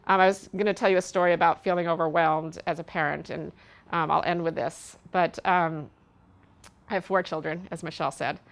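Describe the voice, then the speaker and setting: A woman's voice: fairly low pitch, steady tone, fairly quick. A middle-aged woman, a parenting educator, giving an earnest talk to an audience, telling a personal story with frequent ums. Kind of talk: speaking to an audience at an event.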